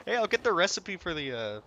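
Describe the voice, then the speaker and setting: A man's voice: high voice, pushed and bright, dull audio. A young man streaming a game, swearing often and swinging between frustration and laughter. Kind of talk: live gameplay commentary.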